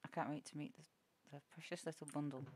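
A woman's voice: low voice, fairly even intonation, fast, background noise. A young woman streaming a horror game, giggling often, swearing, and talking to her chat. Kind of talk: live-streamed gameplay chatter.

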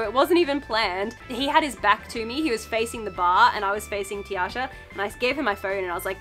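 A woman's voice: a little high, expressive, fast talker, few pauses, bright, forceful tone, soft background music. Bubbly young Australian woman, gushing. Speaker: fashion vlogger. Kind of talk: casual thrift haul chat.

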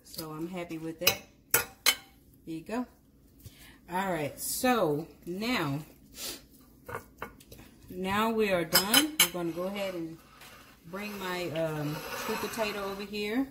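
Speaking slowly and pausing often, this woman has a fairly low voice, and the recording is very noisy. She's a cooking vlogger chatting casually through a demonstration, frequently correcting herself and talking straight to her audience.

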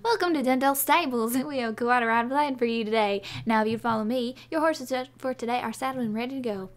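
A brisk, businesslike stable owner from a horse-riding game, read out by a woman. Her voice sits fairly high and moves briskly. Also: lightly acted.

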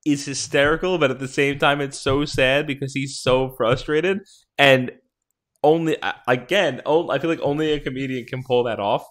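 Male podcast co-host, mid-pitched, easygoing and chatty, quick to laugh. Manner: relaxed, rambling, laughs often. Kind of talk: casual movie discussion.

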